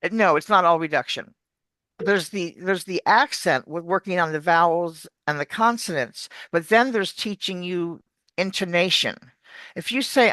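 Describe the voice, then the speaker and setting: In an interview, an accent coach explains things with a teacher's animation and acts out example words. The voice is mid-range at a moderate pace, on a dry recording.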